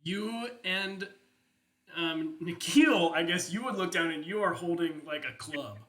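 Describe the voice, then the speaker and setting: A man's voice: on the high side, unhurried, a bit bright. A man narrating as game master in a loose, rambling way, full of fillers and casual swearing. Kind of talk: improvised tabletop game narration.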